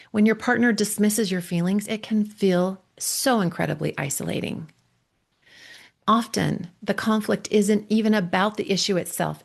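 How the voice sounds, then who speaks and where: A woman coach and podcast host giving a gentle, earnest faith-based talk on marriage, often checking in with "right?". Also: medium pitch, vocal fry.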